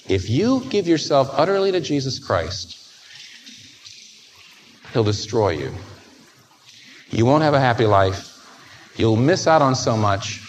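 Male preacher, mid-range pitch, very expressive delivery, faint background noise. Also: poor audio. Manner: animated, swings from soft to emphatic, acts out quoted voices. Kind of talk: sermon.

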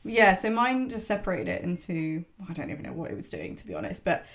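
A woman's voice: lowish voice, wildly swooping pitch, quick pace. A young woman chatting in a breezy, wry way. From southern England. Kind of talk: casual chat.

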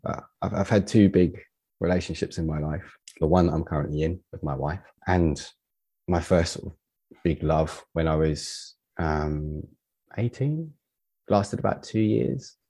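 A man from the United Kingdom, a poet as a podcast guest, talks in a reflective, halting way with many fillers and restarts. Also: low voice, warm tone, breathy edge. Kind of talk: casual podcast conversation.

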